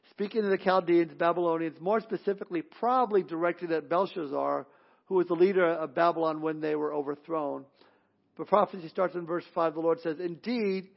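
A man preaching a sermon, reading scripture aloud and slowing down to stress key words, with small restarts. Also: high voice, muffled recording. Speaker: pastor.

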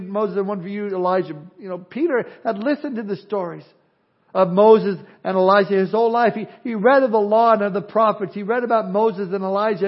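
High-voiced man preaching a sermon. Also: highs cut off. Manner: expressive preaching, swings from loud emphasis to quiet asides. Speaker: pastor.

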